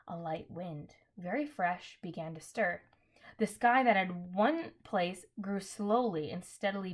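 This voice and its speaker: Reading aloud from a children's novel in an easygoing way, a medium-pitched woman corrects her mistakes as she goes and adds little apologetic comments.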